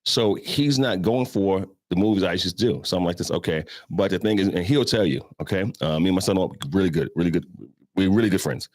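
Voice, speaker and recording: A man's voice: low voice, brisk, a little mellow, no room sound, clean studio sound. A man in his fifties hosting a show, telling stories in a loose, chatty way and talking straight to his listeners. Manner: loose and conversational, addresses listeners as y'all, acts out voices. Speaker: host. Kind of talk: casual storytelling monologue.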